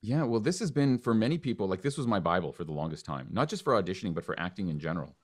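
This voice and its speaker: A man's voice: deep voice, animated, racing. A man hosting a podcast, playful and jokey, with big announcer-style openings. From Canada. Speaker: podcast host. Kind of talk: casual interview chat.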